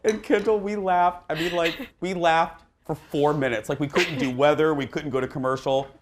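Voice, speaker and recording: A man's voice: a little high, steady tone, moderate pace, noisy background. A middle-aged man hosting a daytime TV talk show, chatting casually in a snarky, joking way.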